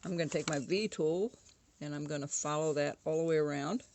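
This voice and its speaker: A woman's voice: low-pitched, steady tone, a little fast, background noise. A woman casually talking through a woodcarving tutorial at home, chatty and often correcting herself. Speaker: woodcarving instructor.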